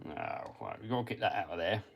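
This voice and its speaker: With a lowish voice, quick pace and vocal fry, a very animated English host chats casually on his radio-control car live stream while working on a model car. He reads viewer comments and answers them, muttering to himself as he cleans parts.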